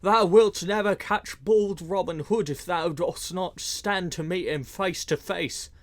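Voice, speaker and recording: A man's voice: high voice, a little slow, dry recording, pitched above the performer's own voice. A rescued outlaw speaks with heartfelt gratitude, as a man reading the tale plays him. The delivery is emotional, and the recording is dry, with no sound of the room.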